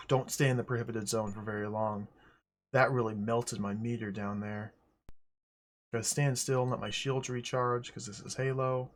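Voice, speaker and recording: A man streaming a game live, talking through it aloud in an excitable, joking way. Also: mid-range voice, normal speed. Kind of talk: casual live gameplay commentary.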